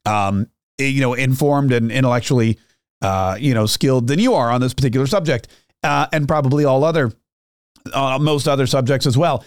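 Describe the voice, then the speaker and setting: A man's voice: medium pitch, a little fast, clear, resonant tone, no echo, clean studio sound. A middle-aged man hosting a talk show, telling a rambling, self-mocking story in a casual monologue. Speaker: radio talk show host.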